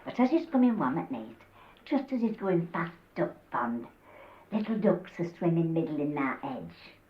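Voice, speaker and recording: An older woman with a Yorkshire accent telling humorous dialect stories, acting out the characters' voices with lively shifts. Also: low-pitched, normal speed. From Yorkshire, England. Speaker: dialect storyteller. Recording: roomy, dull old cassette tape.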